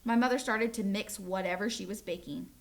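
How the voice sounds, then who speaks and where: A woman teacher reading a children's chapter book aloud to her students, in a friendly, animated storytelling way. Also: mid-range voice, a little fast, creaky.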